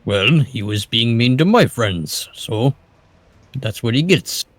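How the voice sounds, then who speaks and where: A man's voice: medium pitch, animated, takes it slowly, dry recording. A man playing a proud, blunt ogre captain. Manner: plain, blunt answers with simple grammar.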